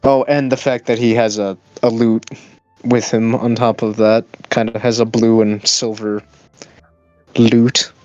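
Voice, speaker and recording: A man playing in a tabletop game, describing his character hesitantly, with pauses and fillers. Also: mid-range voice, little pitch movement, darkish tone, no echo, muffled recording, faint music behind. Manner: hesitant, slow, halting. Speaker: player.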